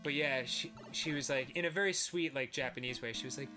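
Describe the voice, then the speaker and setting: A man's voice: mid-range voice, fairly quick, over music. A man telling stories in casual chat as a co-host, laughing often. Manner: laughing often, animated storytelling.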